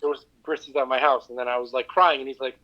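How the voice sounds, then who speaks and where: Over an online call with a cheap mic, a man co-hosts a casual podcast, rambling, joking, and stammering into restarts. His medium-pitched voice is steady and fast, and the audio is dull with slight background noise.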